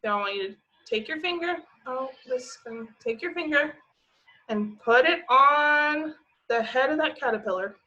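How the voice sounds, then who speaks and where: A woman teaching a remote phonics lesson to young children, stretching out each word slowly as she sounds it. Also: high voice, expressive, bright, forceful tone. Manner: slow, drawn-out sounding of words. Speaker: preschool teacher. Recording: slightly dull lo-fi audio.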